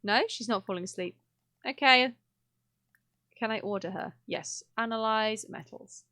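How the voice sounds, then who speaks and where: A woman's voice: a little high, a little slow, sharp tone, dry recording, studio quality. A young woman chatting and exclaiming through a live game stream, laughing often. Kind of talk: casual live gameplay commentary.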